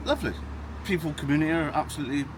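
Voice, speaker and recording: Bristol bloke, quick and lively but soft, traffic loud behind him. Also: male voice, on the high side. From Bristol, England. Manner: soft-spoken, repeats himself, laughs easily. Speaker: local resident interviewee. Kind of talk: casual chat. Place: outdoors on a housing estate.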